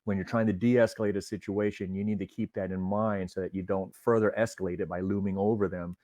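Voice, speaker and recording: A man's voice: low voice, flat delivery, warm tone, no room sound. A middle-aged man, a retired officer and trainer, earnestly explaining de-escalation in an interview. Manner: earnest instructor, measured with filler restarts.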